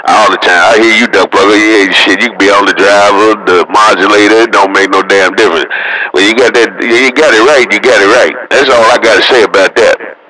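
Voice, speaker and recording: Low-voiced guy, sharp tone, laid-back cb radio slang, faint hiss. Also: fairly even intonation, a little fast, rough recording. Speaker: CB radio operator. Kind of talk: CB radio chatter.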